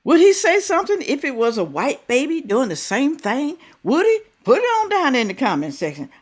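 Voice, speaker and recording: Animated woman reacting, lively pitch. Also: moderate pace. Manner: animated, fires rhetorical questions at viewers. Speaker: reaction video host. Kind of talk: casual commentary.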